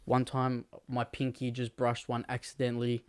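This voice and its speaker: A man's voice: medium pitch, completely flat delivery, normal speed, clean tone, lightly acted. A man voicing a flustered pious nun in a joke, pleading and apologetic.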